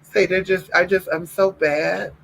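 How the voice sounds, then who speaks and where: A man voicing his mischievous little female puppy, speaking for her in a coy, slow way. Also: high voice, fairly even intonation, creaky, a bit bright, slight background noise, heavily acted, poor audio. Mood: coy mischief.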